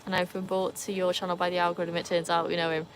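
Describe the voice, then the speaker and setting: This Welsh livestream host, speaking with a Welsh accent, has a fairly low voice with a flat, fast delivery over background noise. Outdoors by a pool, she keeps the live chat casual, talking to viewers and reading and answering their comments via a phone.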